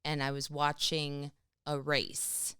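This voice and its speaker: A woman co-hosting a casual comedy podcast, telling stories in a chatty way and laughing often. Her voice sits low and sounds smooth and clear. The recording is dry and close. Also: slow, dry recording. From United States. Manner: lively, chatty storyteller. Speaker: podcast co-host.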